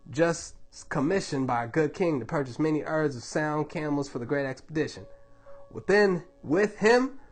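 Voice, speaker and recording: A father reads an old story aloud to his baby in a husky, slightly high voice. His telling is measured and dramatic, with sweeping rises on the big moments. Quiet music plays softly in the background. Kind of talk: reading a book aloud.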